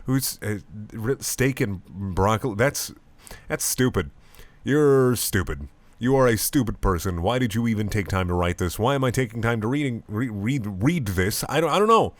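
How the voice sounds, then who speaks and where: Sarcastic low-voiced man. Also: lively intonation, moderate pace, no room sound. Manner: sarcastic, profane, laughing. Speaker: YouTuber reading fan fiction. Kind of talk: comedic dramatic reading.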